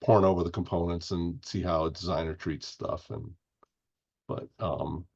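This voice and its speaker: Podcast guest: low-voiced man, meandering and chatty, dull lo-fi recording. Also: steady tone, moderate pace, vocal fry. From Indiana, US. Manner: rambling, restarts often. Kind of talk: casual interview chat.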